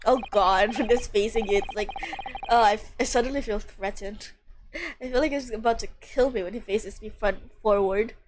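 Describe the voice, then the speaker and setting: A woman's voice: mid-range voice, normal speed, slight background noise. A woman streamer casually chatting and joking about herself while reading game dialogue aloud. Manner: chatty, joking, self-mocking.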